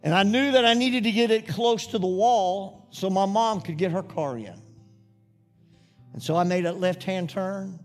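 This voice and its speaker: A man's voice: high-pitched, moderate pace, faint music behind. A middle-aged man preaching a sermon, telling a childhood story in a folksy way before building to fervent preaching. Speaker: pastor.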